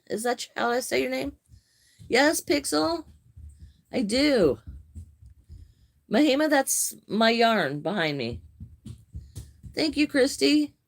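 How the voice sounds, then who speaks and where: An older woman chatting casually on a crochet live stream, greeting viewers by name and answering their comments in a friendly, unhurried way. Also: high-pitched, gravelly.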